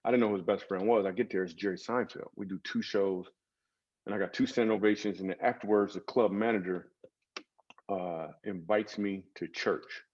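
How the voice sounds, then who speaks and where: A man, a comedian guest in an interview, telling stories in a lively comic way with acted asides. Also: lowish voice, moderate pace, dull audio. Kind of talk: storytelling interview talk.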